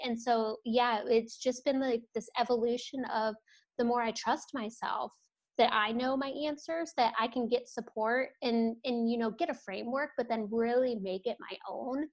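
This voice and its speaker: A woman guest in an interview, talking about business in a relaxed, rambling way with many fillers. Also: on the high side, moderate pace. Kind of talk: casual interview chat.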